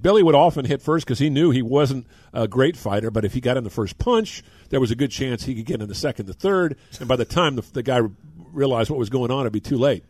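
An older man on a sports talk show, telling animated anecdotes from years of covering baseball in casual conversation. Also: mid-range voice, slightly rough, dry recording. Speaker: sports radio host and former reporter. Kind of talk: casual radio talk with stories.

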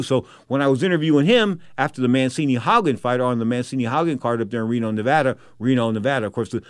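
A middle-aged boxing commentator with a mid-range voice tells boxing stories in a casual, emphatic monologue, recorded with no echo. He frequently checks in by asking "okay?".

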